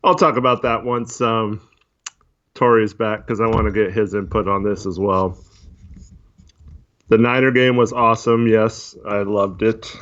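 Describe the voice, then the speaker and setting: A man chatting casually on a livestream, talking in a monotone with many fillers while reading chat. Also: on the low side, measured pace, long pauses. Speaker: podcast co-host. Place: voice only on a live stream. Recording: dull lo-fi stream audio.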